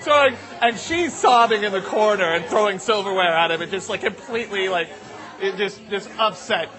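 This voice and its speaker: A man's voice: high-pitched, normal speed, a crowd in the background. A young man telling a long comic story to a live audience, rambling with lots of fillers.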